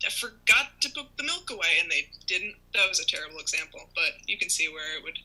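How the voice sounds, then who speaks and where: A woman guest on a comedy show over a video call, self-deprecating and animated as she acts out her own reactions. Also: fairly low pitch, fast talker, poor audio. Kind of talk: casual comedic banter.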